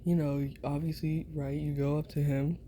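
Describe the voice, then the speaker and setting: A woman's voice: low voice, little pitch movement, moderate pace, mellow, a little hiss or hum. A woman telling a story in a whispered role-play, rambling and giggly, with many fillers and asides. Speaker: ASMR storyteller.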